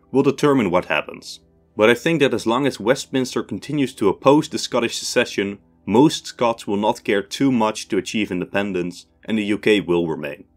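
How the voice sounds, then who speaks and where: Low-voiced young Dutch man. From Netherlands. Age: 20s. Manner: measured, reading out questions and answering. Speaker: history channel host. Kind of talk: scripted Q&A narration.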